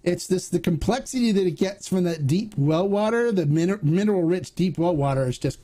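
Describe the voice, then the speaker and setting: A man with a fairly high voice hosts a casual live question-and-answer show. He rambles in a chatty way, restarting sentences as he answers viewer questions. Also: expressive, moderate pace, warm tone. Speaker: host. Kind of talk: casual Q&A livestream.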